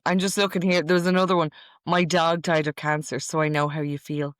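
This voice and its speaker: A woman's voice: low voice, level tone, a little fast, no echo, studio quality. A middle-aged woman hosting a casual podcast, reading out quotes from a list in a chatty, amused way. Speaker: podcast host.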